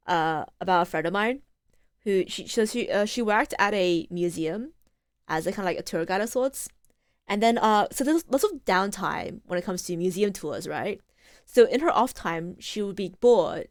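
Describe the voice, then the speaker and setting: A woman's voice: mid-range voice, no room sound. A woman streaming a game, chatting casually and rambling between laughs. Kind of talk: casual gameplay commentary.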